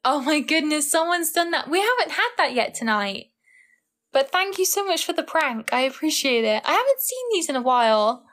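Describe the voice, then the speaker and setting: A young woman talks casually to viewers on a live stream. Her voice sits a little high, and she rambles from memory to memory, laughing easily along the way. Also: big pitch swings, moderate pace, fairly bright tone. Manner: rambling, chatty, laughs often. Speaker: livestreamer.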